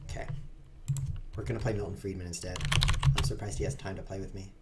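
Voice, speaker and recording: A man's voice: low voice, level tone, fast talker, very noisy. A man streaming online chess, chatting to his viewers in a playful, self-mocking way as he plays. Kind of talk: live-stream commentary while playing.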